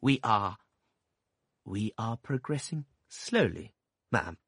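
A man's voice: fairly low pitch, animated, slow, slightly rough, dry recording, studio quality, voice pushed up, exaggerated voice. A man doing a meek, soothing old-fashioned doctor. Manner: soft, deferential, placating. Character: mild meek male country doctor, timid and soothing. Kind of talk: audiobook character voice.

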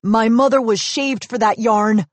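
A woman voicing a gruff, excitable male goat sidekick in a storybook reading. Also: on the high side, a little slow, no room sound, lightly acted. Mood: excited.

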